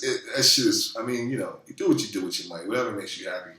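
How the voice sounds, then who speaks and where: A man with a low, forceful, bright-edged voice talks off the cuff, swearing freely and circling back with fillers. The sound is roomy and echoey, picked up from a bit away from the mic. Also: rapid-fire, few pauses, distant mic. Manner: loose, profane, rambling with many fillers. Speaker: vlogger. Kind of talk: casual talking-head monologue.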